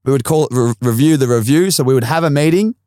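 Fast-talking Australian man, dry sound. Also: mid-range voice, a little mellow, no echo. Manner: rambling, laughs often, swears casually. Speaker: podcast host. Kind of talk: casual chat.

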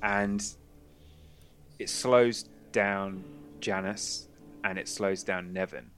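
Guy game-mastering a tabletop game, lowish voice, laughy storyteller. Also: steady tone, slow, a bit bright.

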